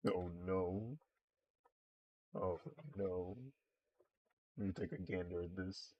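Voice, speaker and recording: Low-voiced man chatting while he draws. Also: slow pace, husky, dry recording, dull audio. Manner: relaxed, rambling, laughs often. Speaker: streaming digital artist. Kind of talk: casual chat while drawing on stream.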